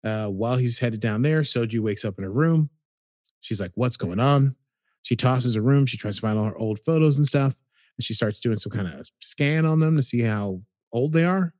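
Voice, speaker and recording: A man co-hosting a podcast, retelling a TV episode in a casual, animated way. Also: mid-range voice, no room sound, clean studio sound. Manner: animated storytelling, slips into quick quoted voices. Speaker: podcast co-host recapping a TV episode. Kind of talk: casual recap chat.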